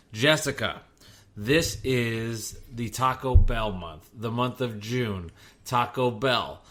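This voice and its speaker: A man's voice: medium pitch, fairly bright tone. A man, hosting a casual podcast from his home garage, jokey and self-deprecating. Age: 30s. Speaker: podcast host. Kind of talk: casual podcast chat and host-read ads.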